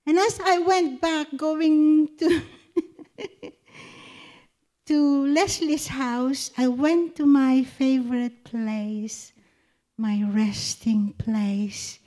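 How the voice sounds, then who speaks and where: A woman's voice: sits high, steady tone, very slow, mellow. A woman giving an emotional devotional testimony, fervent and tearful, often breaking into laughter. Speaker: speaker sharing a Christian testimony.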